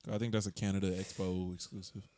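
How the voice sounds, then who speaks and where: A man co-hosting a podcast in casual chat, teasing and quick. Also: low voice, little pitch movement, a little mellow, no echo. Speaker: podcast co-host.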